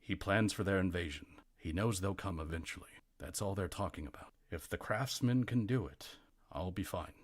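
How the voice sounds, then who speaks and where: A man voicing a loyal, resigned male warforged soldier with a steady, dutiful manner in a tabletop game. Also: low voice, moderate pace, dry recording. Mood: resolute.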